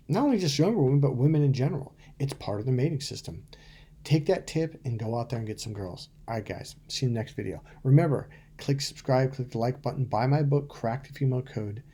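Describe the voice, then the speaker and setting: A man's voice: mid-range voice, warm tone, breathy edge. A middle-aged man, a dating coach, talking bluntly and profanely to camera, telling stories and acting out quotes. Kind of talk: casual to-camera coaching talk.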